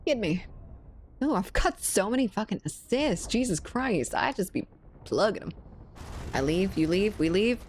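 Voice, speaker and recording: A medium-pitched, animated woman speaks a little slowly in a darkish tone, with slight background noise. The South Louisiana gaming streamer, in her twenties, jokes and swears frequently while chatting with viewers during a shooter game, its gunfire faint in the background.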